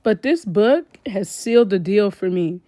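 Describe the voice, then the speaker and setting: A woman vlogger gives casual commentary straight to her viewers. She sounds animated and exclaims often, with a mid-pitched voice. The recording is dry and close, with no room sound. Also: measured pace, dry recording.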